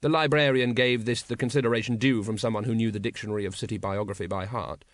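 A man reading an audiobook, a measured, wry scripted narration. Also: on the low side, steady tone, no echo, clean studio sound.

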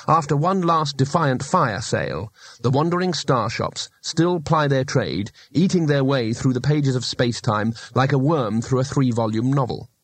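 A man's voice: medium pitch, breathy edge, no room sound. A man narrating a comic fantasy audiobook in a dry, wry storytelling manner. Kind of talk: scripted narration.

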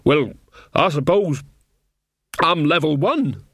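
Man doing a stern old witch woman, slow and clipped, cold, dry close sound. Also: on the high side, expressive, fairly bright tone, breathy edge, no echo, pitched above the performer's own voice, heavily acted. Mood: cold, challenging.

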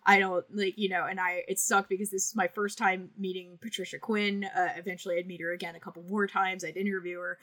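A woman hosting a podcast in casual chat. She tells stories in an animated way and swears freely. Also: fairly low pitch, fast talker, few pauses, no echo. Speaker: podcast host.

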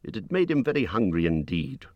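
Deep-voiced male audiobook narrator. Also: brisk, dry recording, highs cut off. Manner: expressive reading, rising high for character lines. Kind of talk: scripted narration.

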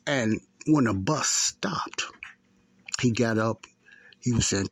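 Low gravelly man in his fifties. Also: normal speed, no echo. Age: 50s. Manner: rambling, repetitive, self-correcting. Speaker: podcast host. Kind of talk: casual talk and storytelling.

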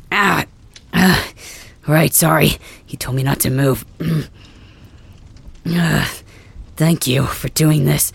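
A performer voicing a stubborn, wounded young male dragon king in an ASMR role-play, gruff and brusque, swearing through the pain. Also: medium pitch, exaggerated voice.

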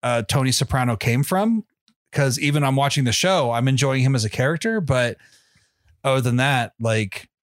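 A man's voice: mid-range voice, moderate pace, dry recording, clean studio sound. A man co-hosting a podcast, chatting casually in a rambling way with lots of fillers and swearing. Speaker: podcast co-host. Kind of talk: casual chat.

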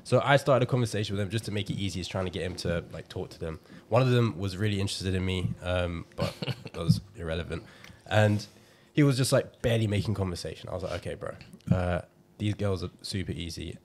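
A confidence coach tells a candid story on a casual podcast, laughing and acting out what people said. His deep, darkish voice moves fast with few pauses, and there's a little hiss or hum in the recording.

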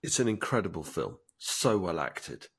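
Animated man retelling a film. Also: low-pitched, normal speed, breathy edge. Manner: enthusiastic storytelling, acts out film lines. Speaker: podcast co-host. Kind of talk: casual chat.

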